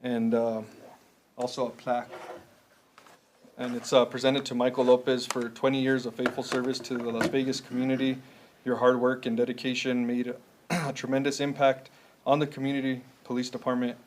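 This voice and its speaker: A police chief handing out a retirement plaque in a monotone, plain-spoken voice. He keeps it short and hesitant, and a faint hiss with clicks sits under his words. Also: mid-range voice, normal speed. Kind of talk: presenting an award.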